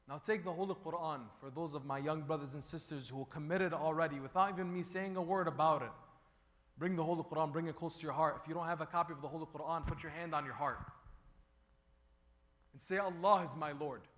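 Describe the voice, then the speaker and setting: A man leading a sermon before a gathering, drawing the crowd into repeated chants and loud calls. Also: high voice, moderate pace. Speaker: speaker at a religious gathering. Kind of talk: sermon with call-and-response. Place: large hall before a gathering. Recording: long hall reverb.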